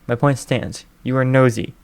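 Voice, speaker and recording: A man voicing an aloof teenage boy loner who speaks in a flat, dry deadpan. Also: mid-range voice, moderate pace, clean tone, natural voice.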